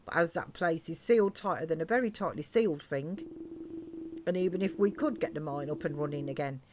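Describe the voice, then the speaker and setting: A man's voice: fairly high pitch, brisk, a little hiss or hum, natural voice. A woman voicing a sentimental male miner in a put-on Cockney accent, lamenting dramatically. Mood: doting. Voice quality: sing-song, over-the-top lamenting.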